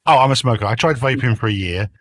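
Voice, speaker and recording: A man appears as a guest YouTuber on a casual podcast, chatty and jokey, speaking fast in a mid-range, slightly bright voice. He breathes a little heavily into a noise-cancelling headset mic.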